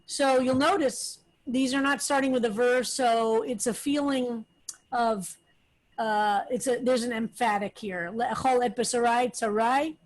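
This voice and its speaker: Slow-teaching woman rabbi, high voice. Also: steady tone, poor audio. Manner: slow, explanatory, with frequent fillers. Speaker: rabbi teaching a text study. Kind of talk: relaxed Hebrew text lesson.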